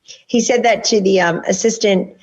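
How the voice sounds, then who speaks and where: A woman's voice: medium pitch, steady tone, normal speed, creaky, husky. A woman guest author in a political interview, making her points in long, insistent runs.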